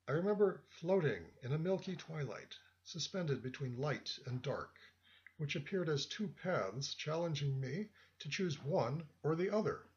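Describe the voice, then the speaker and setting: A man reading a first-person story as narrator, in a measured, reflective way. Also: a little high. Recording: dull lo-fi audio.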